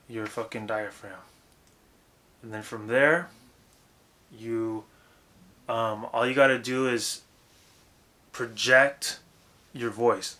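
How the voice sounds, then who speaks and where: A young vocal coach with a mid-range voice rambles through a casual, profane lesson on singing technique, now and then bursting into loud demonstrations.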